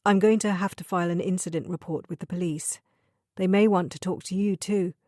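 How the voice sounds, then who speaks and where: A woman's voice: lowish voice, fairly even intonation, a little fast, a little mellow, no room sound, studio quality, natural voice. A woman voicing a clipped, shaken woman. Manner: clipped, then breaking into sobs. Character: distressed young woman fighting a craving.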